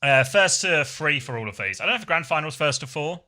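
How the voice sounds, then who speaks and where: English male esports streamer, very bright forceful tone, chatty and self-deprecating, easy stream talk. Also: a little high, lively intonation, fast talker. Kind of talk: casual stream chat and play-by-play commentary.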